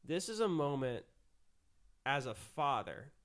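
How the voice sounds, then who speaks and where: A young man co-hosting a podcast in casual chat, retelling movie scenes in an animated way and acting out the characters. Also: medium pitch, a little slow. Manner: animated, acts out scenes with voices. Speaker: podcast co-host.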